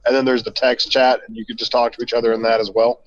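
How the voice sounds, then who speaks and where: A man from Missouri on an online call, explaining things in a rambling, halting way with lots of fillers. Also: mid-range voice, level tone. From Missouri, USA. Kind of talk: casual chat. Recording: dull lo-fi call audio.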